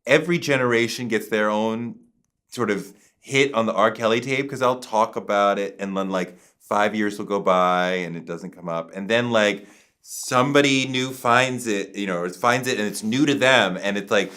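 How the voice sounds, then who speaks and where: A man's voice: on the low side, moderate pace, bright, forceful tone. A man being interviewed who tells a story emphatically, acting out other people's lines and swearing casually. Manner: acts out quoted voices, emphatic, swears casually. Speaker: interview guest.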